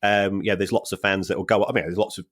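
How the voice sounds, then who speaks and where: Wry low-voiced man analysing club finances. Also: flat delivery, a bit bright. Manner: measured and wry, many restarts and ums. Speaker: podcast co-host, football finance analyst. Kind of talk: casual chat.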